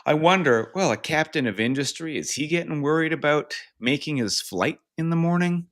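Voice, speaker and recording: A man co-hosting a podcast, chatting casually with joking, self-deprecating asides and sometimes halting for words. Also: fairly high pitch, animated, a bit bright. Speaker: podcast co-host. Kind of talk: casual chat.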